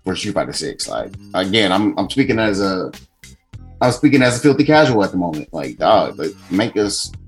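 A man hosting a podcast in casual chat, animated and profane, laughing often. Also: low voice, moderate pace, soft background music. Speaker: podcast host.

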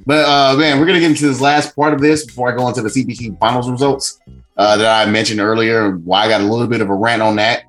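A man hosting a podcast in casual chat, animated and profane, laughing often. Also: medium pitch, quick pace, faint music behind. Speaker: podcast host.

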